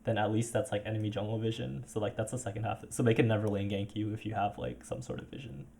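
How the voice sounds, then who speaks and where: A man's voice: lowish voice, steady tone, fast, creaky, mellow. A man coaching a player over a voice call, talking casually with many fillers and restarts.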